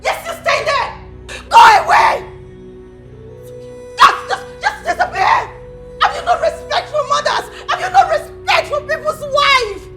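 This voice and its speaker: An actress with a Nigerian accent playing an outraged young woman who shouts scornfully and tearfully at her mother, in a film scene. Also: very high-pitched, expressive, measured pace, faint music behind, heavily acted. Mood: furious. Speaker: daughter confronting her mother. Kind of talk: Nollywood film acting.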